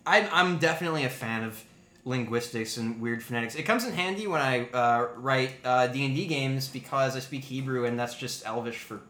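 A podcast panelist in casual chat, animated, swearing casually and thinking aloud. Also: medium pitch, a little fast. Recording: echoey room, faint background noise.

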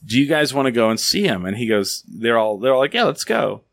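A man's voice: medium pitch, quick pace, no echo, studio quality. A man hosting a podcast, chatting casually and telling stories animatedly, acting out the voices of people he quotes. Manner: animated storyteller, acts out quotes. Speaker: podcast host. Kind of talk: casual chat.

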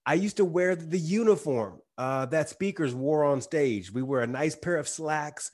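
A man's voice: a little high, measured pace, darkish tone. A man with a slight twang, talking casually as an interview guest, using slang and restarting sentences now and then. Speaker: guest speaker.

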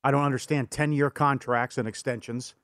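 A man's voice: mid-range voice, fairly even intonation, fairly quick, a bit bright, dry recording, clean studio sound. Man co-hosting a sports betting show. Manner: laughs often, chewing and mumbling at times. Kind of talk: casual sports talk with host-read ads.

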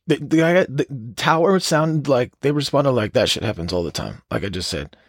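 A man's voice: medium pitch, normal speed, dry recording, clean studio sound. A man hosting a casual solo podcast, riffing on odd news stories with constant swearing and bursts of laughter. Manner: profane, animated, laughing storyteller. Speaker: podcast host.

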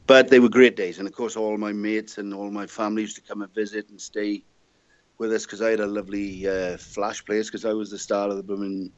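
Chatty older Welsh man, low voice. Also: flat delivery, brisk, no echo, highs cut off. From Wales. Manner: chatty, jovial anecdote teller. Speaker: guest. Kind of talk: casual interview storytelling.

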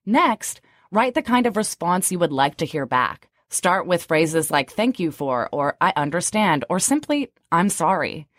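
A woman in her thirties co-hosts, her voice sitting a little low. She shifts between tidy read-out summaries and loose, chatty talk peppered with "like". The sound is close and dry. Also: big pitch swings, a little slow, dry recording. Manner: chatty, frequent "like" fillers when unscripted. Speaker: co-host. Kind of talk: scripted summary and casual chat.

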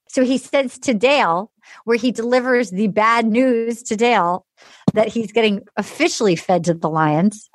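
A woman's voice: fairly high pitch, moderate pace, a little hiss or hum. A woman recapping a reality show in casual chat, acting out what people said in shifting voices and saying "like" a lot. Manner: animated, acts out quotes in shifting voices; heavy use of "like" and restarts.

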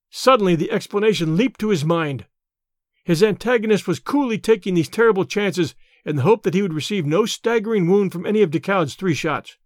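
A man narrating an audiobook adventure in a steady, clear storytelling delivery. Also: sits high, no room sound, clean studio sound. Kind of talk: scripted narration.

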